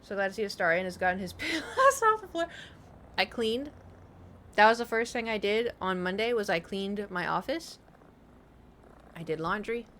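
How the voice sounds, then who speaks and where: A woman's voice: medium pitch, animated, moderate pace, pauses often, fairly bright tone, a little hiss or hum. A young woman with a slight lisp from braces, chatting casually on a live stream and telling rambling, self-mocking stories with frequent laughter.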